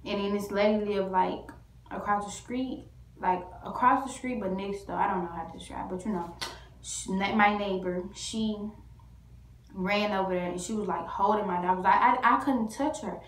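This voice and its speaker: Female vlogger, rambling casual storyteller, mid-pitched voice, echoey room. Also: moderate pace, a little hiss or hum. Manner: rambling, full of "like" and restarts.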